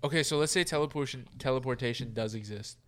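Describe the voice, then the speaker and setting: A man's voice: mid-range voice, quick pace. A man co-hosting a casual chat podcast, talking loosely with lots of fillers and the odd swear word. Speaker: podcast co-host.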